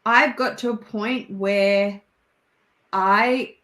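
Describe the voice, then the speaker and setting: A woman's voice: mid-range voice, very slow, reverberant. A woman with an Australian accent, chatting as a guest over a video call and telling stories with frequent laughter. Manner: chatty, animated storyteller who laughs often. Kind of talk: casual chat.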